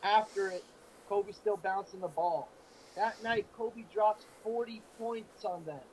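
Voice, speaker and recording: A man's voice: high-pitched, unhurried, a little mellow, a little hiss or hum, poor audio. A man telling sports stories in an earnest, emotional way during a casual talk show. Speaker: co-host.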